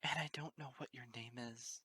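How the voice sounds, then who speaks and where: A man's voice: mid-range voice, fairly even intonation, moderate pace, pushed and bright, breathy edge, no room sound. A man voicing a tearful trembling young mare pony. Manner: trembling, whimpering, stammering. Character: grieving young female unicorn pony, tearful.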